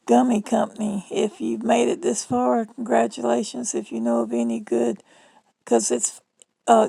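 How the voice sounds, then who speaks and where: A woman's voice: a little high, gravelly, mellow, slightly rough, no echo, low-quality recording. A middle-aged woman with a Southern US accent, talking in a chatty, rambling, folksy way in a casual vlog monologue. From Southern United States. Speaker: vlogger.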